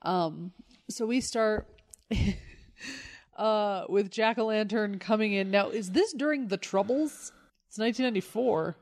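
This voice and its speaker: A woman's voice: mid-range voice, unhurried. Woman, podcast co-host, casual loose chat, laughs a lot. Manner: laughs often, chatty and loose. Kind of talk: casual chat about comics.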